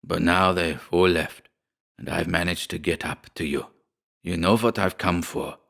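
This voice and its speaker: Storybook villain: man playing a deep, gruff old father, menacing and impatient. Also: sing-song, unhurried, fairly bright tone, heavily acted. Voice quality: gruff, vibrating voice. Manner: impatient, passionate, half-stifled.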